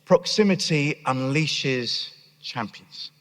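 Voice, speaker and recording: A man's voice: mid-range voice, slow pace. A man giving a conference keynote on a stage, telling stories with animation and acting out voices. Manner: animated storyteller who acts out voices. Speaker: charity leader giving a conference talk. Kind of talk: keynote talk. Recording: echoey hall.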